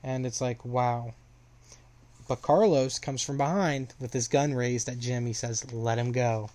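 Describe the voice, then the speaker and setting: A young man gives a loose, casual recap of a story, his delivery flat and even at a measured pace in a medium pitch. He rambles, leans on filler, trips over his words, and restarts as he circles back.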